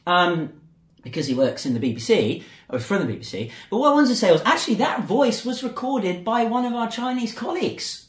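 A British man hosting a casual podcast, joking and rambling as he talks. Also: a little fast. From Britain. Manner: jokey, rambling, lively pitch swings. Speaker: podcast host. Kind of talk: casual chat. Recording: echoey room.

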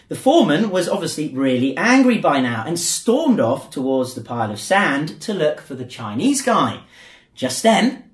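Male podcast host, thirties, animated, joking, bouncy pitch, echoey room. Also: normal speed. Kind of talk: casual chat. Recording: roomy echo.

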